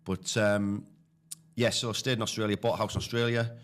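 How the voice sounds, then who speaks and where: A man with a deep, low voice and a Teesside accent. He talks in a loose, chatty way, full of fillers, like a guest on a casual podcast. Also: little pitch movement, fairly quick. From Teesside, England. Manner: chatty storyteller, many fillers. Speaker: guest, property investor.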